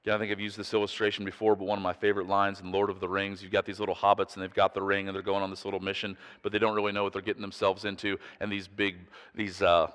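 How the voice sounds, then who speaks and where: A man's voice: sits low, completely flat delivery, racing, hardly any pauses, fairly bright tone, big-room sound. A man preaching a sermon in an earnest, emphatic way, putting pointed questions to his listeners. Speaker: pastor.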